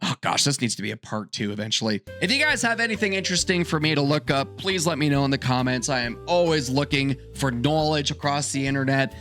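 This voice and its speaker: A man hosting a vlog, reacting to web searches with excitable, jokey, exaggerated reactions. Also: mid-range voice, quick pace, few pauses, soft background music. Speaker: host.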